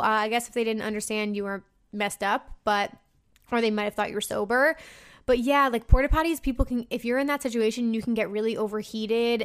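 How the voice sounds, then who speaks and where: Young woman, podcast host, casual chat, lots of likes, swears freely, clear smooth voice. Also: medium pitch, a bit bright. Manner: chatty, frank, swears freely, many likes and fillers. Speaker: podcast host reading listener emails.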